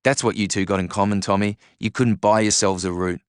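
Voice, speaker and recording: A man voicing a drunk, aggressive young man who shouts and jeers. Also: lowish voice, steady tone, a little fast, clear, resonant tone, no echo, studio quality, lightly acted. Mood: taunting. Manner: shouting and jeering.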